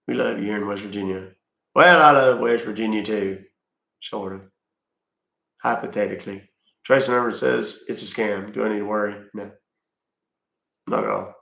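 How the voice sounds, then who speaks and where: Gravelly middle-aged man, blunt and casual. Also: on the low side, steady tone, normal speed, pauses often, fairly bright tone, reverberant. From Texas. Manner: reads viewer questions aloud and answers bluntly, dry jokes. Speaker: livestream host answering chat. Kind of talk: casual livestream chat.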